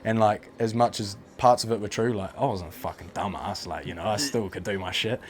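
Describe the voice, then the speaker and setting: A young man with a New Zealand accent, telling lively, slang-heavy, swear-filled stories as a podcast guest. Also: fairly low pitch, fairly quick. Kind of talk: casual storytelling chat.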